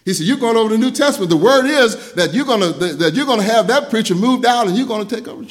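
An older man preaching a sermon, telling personal stories, dropping soft and low for quoted talk and rising loud when he preaches. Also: lively intonation, very fast, few pauses. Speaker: pastor.

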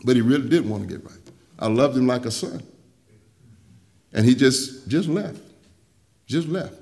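A middle-aged male pastor preaching a sermon, telling stories in a folksy way, laughing between lines and swinging from loud to hushed. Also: mid-range voice, lively intonation, moderate pace. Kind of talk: sermon with storytelling.

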